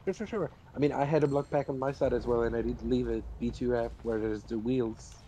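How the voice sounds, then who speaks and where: A man teammate in an online game, calmly explaining tactics and laughing along at jokes. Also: mid-range voice, fairly quick. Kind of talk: casual gaming chat.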